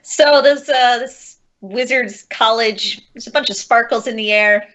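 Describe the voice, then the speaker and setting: Female player, dry matter-of-fact delivery, somewhat high voice. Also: a little slow, a bit bright, dull audio. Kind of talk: tabletop role-play.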